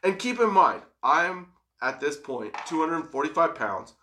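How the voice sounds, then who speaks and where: A man's voice: a little high, unhurried, a little hiss or hum. A young man casually telling a profane story, laughing often. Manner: profane, laughing, animated retelling.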